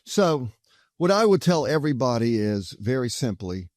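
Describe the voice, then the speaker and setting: Older man, mellow reassuring storyteller. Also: mid-range voice, sing-song, moderate pace, no echo, clean studio sound. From Louisiana, USA. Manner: reassuring, story-driven, folksy. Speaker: guest attorney. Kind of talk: anecdotal interview answers.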